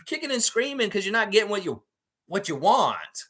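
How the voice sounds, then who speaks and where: Animated, profane male sports host. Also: normal speed. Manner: animated, profane, mocks fans with whiny high baby voices. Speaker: podcast host. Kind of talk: live-stream sports chat.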